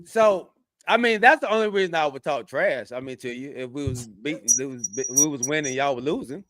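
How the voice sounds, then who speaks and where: A man's voice: on the high side, a little fast, fairly bright tone. A man co-hosting a casual sports talk show, teasing and acting confused. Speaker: podcast co-host.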